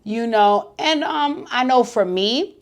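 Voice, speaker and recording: A woman's voice: a little high, lively intonation, slow pace. A woman giving a casual, candid recap of a reality TV episode, chatty and freely swearing. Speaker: reality TV show reviewer.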